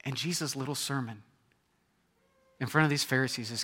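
Animated preaching man, bright voice. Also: medium pitch, brisk, long pauses, husky. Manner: animated, acts out voices with big swings from loud to hushed. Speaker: pastor. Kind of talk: sermon. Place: church.

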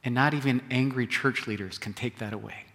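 A male pastor preaching a sermon, swinging between loud emphasis and soft, hushed phrases. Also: mid-range voice, fairly quick, big-room sound.

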